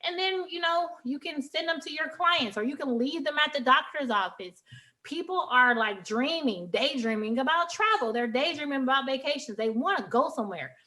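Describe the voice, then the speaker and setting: A woman who is a travel agent trainer, giving a lively, emphatic presentation on a training call and tagging her points with "okay?". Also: high voice, normal speed.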